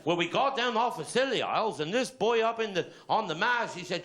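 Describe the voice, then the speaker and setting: A man's voice: sits high, expressive, normal speed, pauses often, fairly bright tone. A man with a Cornish accent doing live stand-up, telling bawdy, salty tall tales full of swearing in a comedy club. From Cornwall. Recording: live audience laughter, noisy room.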